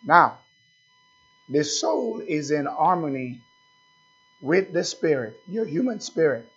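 A male pastor preaches at a slow, deliberate pace, his voice slightly husky and pitched a little high. He keeps asking the listeners questions and repeating his phrases. The recording sounds dull and lo-fi. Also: sing-song, a bit bright. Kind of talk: sermon.

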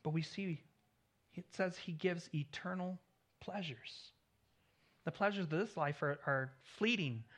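A man delivers a sermon with a high, bright voice. He preaches earnestly, rising in volume on key points, then dropping soft at the ends of phrases, and he sometimes repeats a word as he restarts. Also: unhurried, pauses often. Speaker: pastor.

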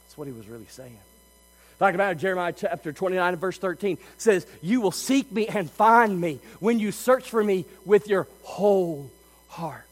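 A man preaching a sermon as pastor, moving between loud, emphatic passages and quiet, intimate asides. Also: high-pitched, lively intonation, moderate pace, in a large hall, low-quality recording. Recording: faint mains hum.

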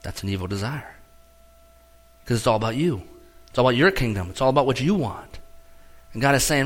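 A middle-aged pastor preaches a sermon briskly, pausing often. His pitch and loudness swing animatedly between earnest emphasis and quieter lines.

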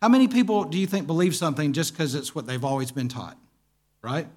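A man giving a conversational teaching talk to a church group, animated and telling stories, often asking the listeners questions. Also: fairly high pitch, quick pace.

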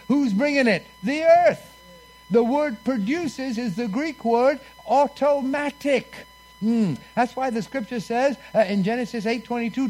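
A man preaching a sermon, leading the congregation in call-and-response and swinging between booming lines and hushed ones.

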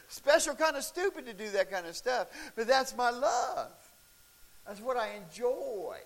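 A middle-aged male pastor telling stories in a sermon, animated and breaking into shouts and laughs at the peaks of a story. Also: very high voice, slow pace, creaky. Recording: faint hiss.

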